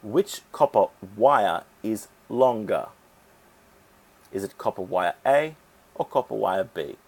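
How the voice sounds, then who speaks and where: Slow, deliberate male English teacher. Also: fairly low pitch, expressive, gravelly, a little mellow. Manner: slow, deliberate explaining with clapped-out syllables. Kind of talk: English grammar lesson.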